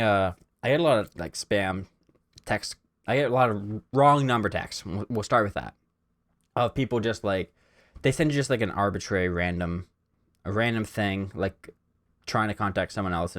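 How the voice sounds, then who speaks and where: A young man from Canada hosting a casual solo podcast, telling stories in a rambling way with lots of "like" and "um". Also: fairly low pitch. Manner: rambling storyteller, heavy on "like" and "um". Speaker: podcast host.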